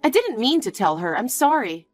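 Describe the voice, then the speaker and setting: A woman's voice: fairly high pitch, sing-song, normal speed, soft background music, pitched above the performer's own voice. A woman voicing an earnest, anxious young fiancée who pleads and questions in disbelief. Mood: pleading. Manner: pleading and incredulous.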